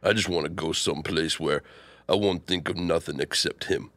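A man voicing a gruff, stubborn boxer with a low, mumbling tough-guy delivery, in a comic podcast reading. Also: fairly even intonation, normal speed, fairly bright tone, dry recording. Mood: brooding.

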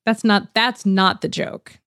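A woman's voice: mid-range voice, steady tone, slow, fairly bright tone, clean tone, dry recording. Lady cohosting a book podcast, playful and teasing, dry mic. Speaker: podcast co-host. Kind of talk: casual chat.

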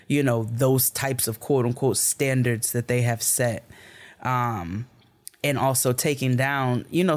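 A man from the United States co-hosting a podcast, telling a story in casual chat with lots of swearing and acted-out quoted dialogue. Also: medium pitch. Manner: animated, profane storytelling that acts out quoted dialogue. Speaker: podcast co-host.

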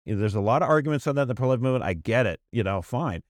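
Brief: male podcast co-host, mid pitch, animated and emphatic, dry close studio sound. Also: dry recording. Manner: fast, emphatic, animated with restarts. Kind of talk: casual political chat.

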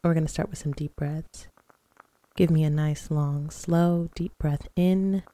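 A woman hosting a podcast who leads slow, calm breathing exercises and guided affirmations in a soothing manner. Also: low voice, no room sound. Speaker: podcast host.

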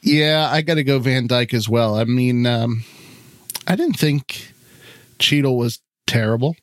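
A man's voice: mid-range voice, measured pace, no echo, studio quality. A man co-hosting a casual movie podcast, speaking hesitantly and stammering as he restarts. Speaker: podcast co-host. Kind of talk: casual chat.

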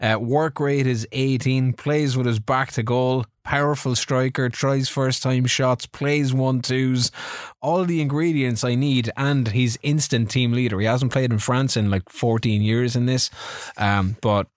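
Male podcast co-host, mid-pitched, dry close sound, lively storytelling with surprised jumps. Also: dry recording. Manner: animated storytelling, quick bursts, rising in surprise. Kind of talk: casual chat about a football management game.

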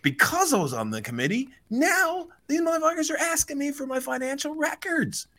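A man's voice: racing, a bit bright. A man imitating a whining older male football team owner who protests that it is unfair. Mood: whiny indignant. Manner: whining, indignant, rising to high squeaks.

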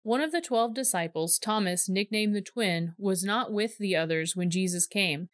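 A woman reading a Bible passage aloud in a clear, measured storytelling voice. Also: medium pitch, no room sound, clean studio sound. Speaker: scripture reader.

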